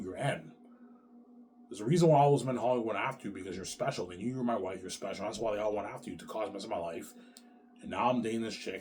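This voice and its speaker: A man's voice: lowish voice, a little hiss or hum. A man ranting in a rambling solo vlog, profane and repetitive. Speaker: vlogger.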